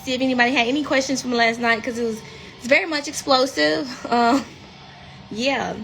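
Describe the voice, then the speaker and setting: A woman's voice: high voice, fairly even intonation, a little fast, fairly bright tone, soft background music. Frank Mississippi woman chatting live. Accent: Mississippi Southern US. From rural Mississippi, US. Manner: frank, chatty, swears freely. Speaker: reality TV cast member. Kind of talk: casual livestream chat.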